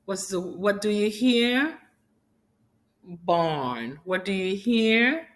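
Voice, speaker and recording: A woman's voice: mid-range voice, lively intonation, slow pace, a bit bright. A woman teaching phonics to young children, sounding out letters one at a time and repeating each word. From Haiti.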